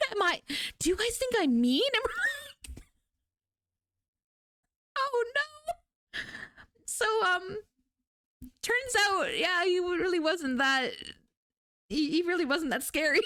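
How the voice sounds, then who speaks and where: A woman's voice: high-pitched, a bit bright. A young adult woman, streaming and chatting casually with her viewers, telling stories animatedly and laughing often. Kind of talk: casual chat with live chat.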